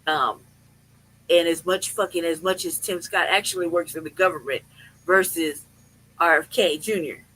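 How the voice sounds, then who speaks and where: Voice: mid-range voice, fairly even intonation, moderate pace, sharp tone, a little hiss or hum, rough recording. A podcast host in casual chat, ranting with lots of swearing and frequent laughter while questioning their own feelings aloud. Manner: profane, laughing rant that questions itself.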